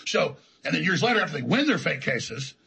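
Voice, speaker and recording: A man's voice: on the high side, big pitch swings, fairly quick, gravelly, sharp tone, husky, rough recording. A man telling his story as an interview guest, in an emphatic, defiant, rambling way. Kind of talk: heated conversational storytelling.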